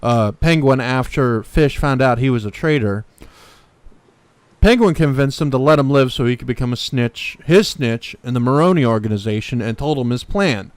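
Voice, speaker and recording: A man's voice: mid-range voice, lively intonation, moderate pace, clean tone, no echo. A man co-hosting a podcast, casually recapping a TV episode in a rambling way full of fillers and restarts. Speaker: podcast co-host. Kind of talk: casual chat.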